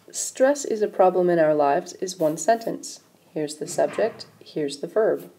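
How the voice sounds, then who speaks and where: A woman's voice: fairly low pitch, warm tone. A woman teaching a recorded grammar lesson, patiently explaining step by step while pointing at examples on screen. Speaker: English writing teacher.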